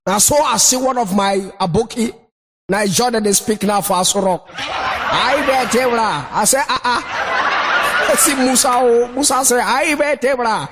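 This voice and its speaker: A man with a Nigerian Pidgin accent, doing animated stand-up storytelling and shouting his punchlines. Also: very high voice, moderate pace. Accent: Nigerian Pidgin English. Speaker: stand-up comedian. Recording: noisy recording.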